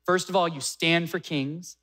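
A man preaching a sermon, retelling a scripture story with dramatic pauses and acted-out quotes. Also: on the high side, steady tone, pushed and bright. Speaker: pastor.

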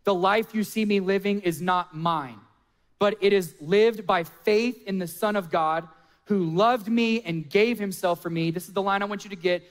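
A male pastor preaching a sermon, telling a self-mocking personal story in an animated way. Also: high-pitched, normal speed. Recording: long hall reverb.

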